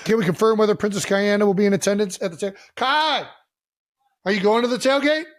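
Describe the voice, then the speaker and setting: A high-pitched man from Ohio riffs loudly through podcast banter, swearing freely and joking between segments. His voice sits close on a dry studio mic with almost no room sound. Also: quick pace, no room sound. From Cleveland Heights, Ohio. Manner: loud, profane, joking. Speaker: podcast co-host.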